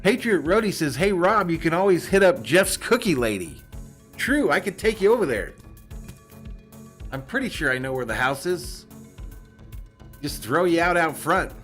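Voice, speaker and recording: A slightly high-voiced man calls a football game on his home stream, chatty and jokey, breaking off to read chat and laugh. Soft music runs faintly underneath. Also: big pitch swings, normal speed, pauses often. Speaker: streamer doing live play-by-play and reading chat. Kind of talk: casual live-stream commentary.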